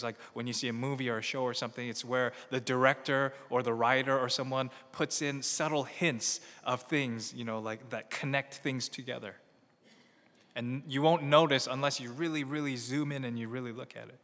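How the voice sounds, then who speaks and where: A man preaching a sermon, swinging between loud emphatic peaks and hushed near-whispers. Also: mid-range voice, in a large hall. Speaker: pastor.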